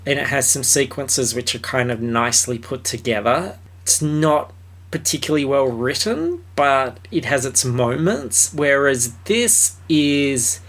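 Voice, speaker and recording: A man's voice: medium pitch, expressive, measured pace, a bit bright. A man co-hosting a film review podcast, talking in a loose, rambling way with fillers, restarts and casual swearing. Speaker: podcast co-host.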